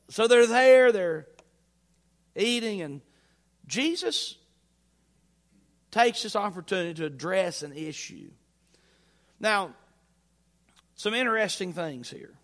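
Preacher guy, kinda high voice, folksy sermon, echoey church hall. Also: a bit bright. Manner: folksy, conversational preaching with rising emphasis. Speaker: pastor. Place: church sanctuary.

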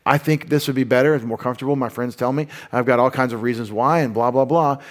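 A man's voice: mid-range voice, quick pace. A man giving a conversational Bible teaching, informal and explanatory, with frequent asides and restarts.

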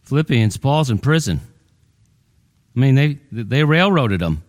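A man's voice: sing-song, a little slow, dry recording. A folksy preaching man with a dry sound. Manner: folksy, full of "you know" and repeated words, pitch climbing when emphatic. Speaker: pastor. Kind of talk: conversational sermon.

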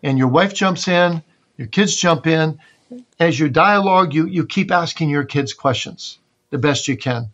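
A man's voice: a little high, unhurried, fairly bright tone, muffled recording. A man being interviewed as a pastor and author, giving earnest teaching in numbered points with homely family examples. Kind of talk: instructive interview answers.

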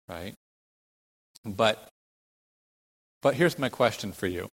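With a lowish, expressive voice, a man preaches an expository sermon, weighing his words slowly and then stressing key terms suddenly and emphatically. He throws out rhetorical questions, and the rough recording has a big-room sound.

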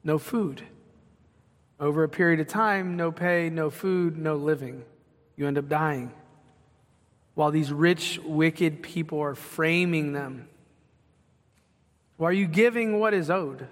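A man's voice: on the high side, measured pace, long pauses. A man preaching a sermon in an emphatic way, asking rhetorical questions. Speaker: pastor. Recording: long hall reverb.

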